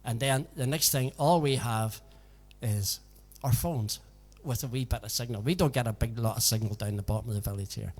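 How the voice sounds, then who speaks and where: A man's voice: mid-range voice, moderate pace, hardly any pauses, a little mellow. A man hosting a casual live music stream from his home, chatting in a folksy way and tagging his sentences with "so it did". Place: home in a village. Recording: long reverb with backing music.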